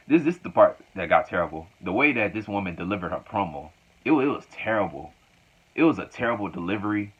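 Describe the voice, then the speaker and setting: A man's voice: on the low side, fairly bright tone, dull audio. A man reviewing a wrestling show in a casual, rambling way, repeating phrases as he recaps.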